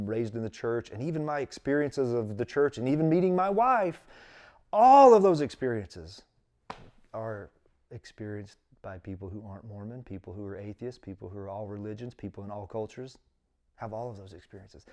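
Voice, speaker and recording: Storytelling man. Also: medium pitch. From East Tennessee. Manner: lively storyteller who acts out quoted voices. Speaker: podcast host, former bishop. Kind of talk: casual in-person interview.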